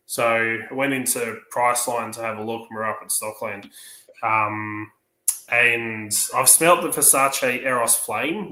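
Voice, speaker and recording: Aussie bloke on a hangout stream, bright tone in a roomy space, spins long stories with quoted voices. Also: male voice, medium pitch. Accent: Australian. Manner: rambling storyteller, acts out quoted dialogue. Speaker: livestream panelist. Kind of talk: casual chat.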